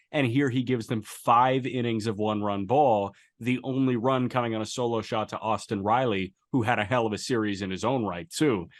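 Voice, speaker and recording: Enthusiastic male baseball podcast co-host. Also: lowish voice. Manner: enthusiastic, recaps game stats in a brisk flow. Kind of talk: casual sports podcast chat.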